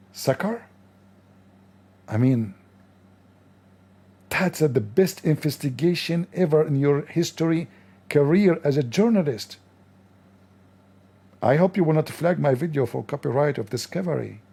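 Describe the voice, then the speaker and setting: A man with a gravelly, fry-edged voice that sits fairly high yet sounds mellow and dark. He hosts a livestream, mocking a video with scornful sarcasm and loud, exaggerated disbelief, in loose, non-standard English. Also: lively intonation, a little slow, pauses often. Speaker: livestream host.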